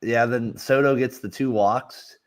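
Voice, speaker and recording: A man co-hosting a casual sports chat, rambling and halting with many fillers. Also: medium pitch, steady tone. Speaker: co-host.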